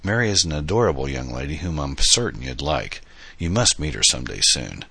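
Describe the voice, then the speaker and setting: A kindly older uncle, as the narrator voices him, genial and fatherly, with a gentle teasing streak. The bright, slightly husky voice sits close in a dry recording. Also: rumbling low, sing-song, brisk, no room sound, heavily acted. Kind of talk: audiobook dialogue.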